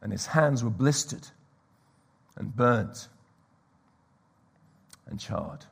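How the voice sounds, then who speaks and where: A man preaching a sermon, telling stories and dropping to a hushed whisper for emphasis. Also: mid-range voice, lively intonation, very slow, vocal fry, breathy edge.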